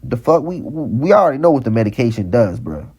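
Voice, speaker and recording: With big pitch swings around a medium pitch, this vlogger talks a little fast in a slightly mellow, husky voice. His heated rant is repetitive, full of lines said again and stammered restarts.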